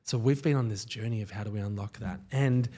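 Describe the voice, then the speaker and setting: A man, a company founder, telling stories as a guest in a casual podcast interview, with enthusiasm and quick asides. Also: fairly low pitch, dark tone.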